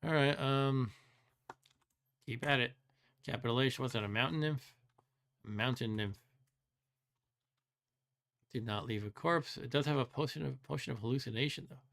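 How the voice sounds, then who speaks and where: A man's voice: mid-range voice, moderate pace, gravelly, long pauses, a bit bright. Man thinking aloud over a game. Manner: thinks aloud, muses and second-guesses. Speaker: host. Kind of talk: let's play commentary.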